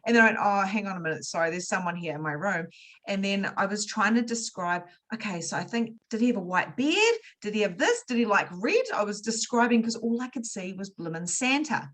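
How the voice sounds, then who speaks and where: A woman hosting an interview, telling stories lively and acting out the dialogue in a casual chat. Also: mid-range voice, fast. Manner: lively storyteller, acts out dialogue. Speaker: interview host.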